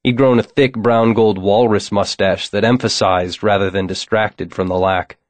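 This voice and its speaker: A man narrating a novel in the first person with a wry, deadpan delivery. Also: lowish voice, moderate pace, no echo. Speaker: audiobook narrator.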